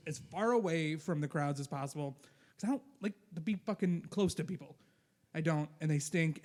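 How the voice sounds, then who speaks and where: Blunt podcast co-host man. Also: on the high side. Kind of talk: casual chat.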